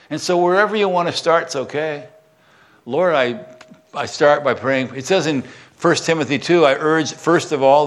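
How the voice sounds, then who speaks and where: Older guy pastor preaching in church, earnest, goes soft and hushed when he prays. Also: on the high side. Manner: earnest, drops to a soft hush when praying. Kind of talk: sermon and spoken prayer.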